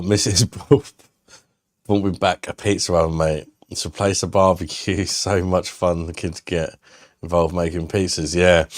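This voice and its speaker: A man chats loosely on a live stream. He is blunt, swears freely and laughs often, in a very deep, low voice. The sound is close and dry. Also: no echo. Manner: blunt, sweary and laughing, reads chat aloud. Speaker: beer reviewer hosting a live stream. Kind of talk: casual live-stream chat.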